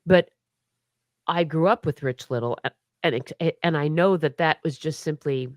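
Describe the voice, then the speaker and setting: A woman's voice: deep voice, moderate pace, dry recording, clean studio sound. A middle-aged woman chatting as an interview guest, talkative and laughing, with many restarts and hiccups. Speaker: guest performer. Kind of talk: casual interview chat.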